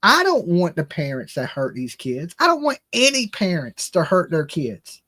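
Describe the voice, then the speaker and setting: A man's voice: high-pitched, huge pitch swings, moderate pace, pushed and bright. A middle-aged man hosting a casual livestream, blunt and opinionated, talking straight to his chat. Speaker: true crime livestream host.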